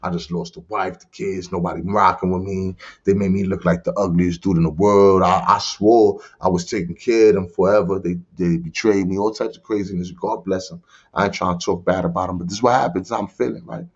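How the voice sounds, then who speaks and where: A man's voice: deep voice, fairly even intonation, fairly quick, slightly rough. A man from the Bronx, a podcast guest telling his life story in streetwise slang and often asking "you heard?". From the Bronx, New York. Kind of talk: personal testimony in casual conversation. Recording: dull lo-fi recording.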